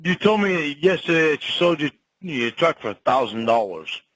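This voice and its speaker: A man with a slightly high voice argues bluntly over a phone line, cursing and repeating himself. The sound is dry and close. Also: expressive, moderate pace, a bit bright, dry recording. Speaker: show host. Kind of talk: heated phone argument.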